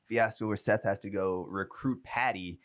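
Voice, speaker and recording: A man's voice: on the low side, steady tone, moderate pace. A man co-hosting a casual TV review podcast, recapping in a loose, rambling way. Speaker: podcast co-host.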